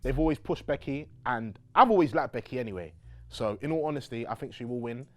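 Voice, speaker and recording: A young man giving quick, upbeat predictions in a casual wrestling chat. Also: medium pitch, animated, darkish tone, soft background music.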